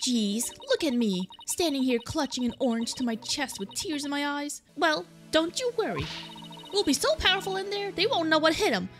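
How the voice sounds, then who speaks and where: A woman putting on a plucky young female lawyer from a video game, very high and lively, all bubbly emphasis and bounce. She pushes every line with bright, eager energy. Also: normal speed, faint music behind. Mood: determined.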